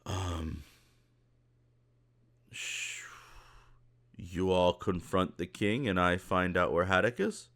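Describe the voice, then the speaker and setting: Brief: man voicing a blundering, chatty companion, low-voiced and easygoing. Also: slow, pauses often, fairly bright tone, full character voice. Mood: eager. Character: clueless cheerful male adventurer, bad at stealth.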